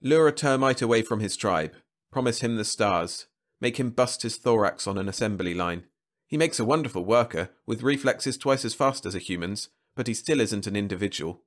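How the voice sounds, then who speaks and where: A man reading a science-fiction story aloud in a measured, even manner. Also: on the low side. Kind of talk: scripted narration.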